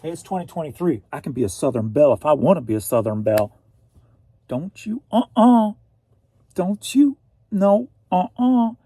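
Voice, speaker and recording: A man's voice: a little high, fast talker, hardly any pauses, dark tone, breathy edge, dry recording, far from the mic, voice pushed up. Man putting on a sassy Southern belle.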